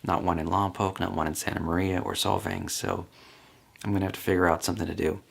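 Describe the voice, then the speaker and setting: A man's voice: deep voice, steady tone, quick pace, creaky. A man talking casually on his own, answering questions in a rambling, chatty way with light laughs. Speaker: vlogger.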